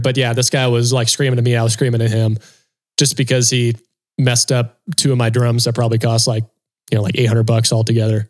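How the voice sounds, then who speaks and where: A man, a co-host and touring drummer, telling a story in casual chat and acting out quotes in a raised voice. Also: fairly quick. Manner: animated storyteller, acts out quotes in a higher voice.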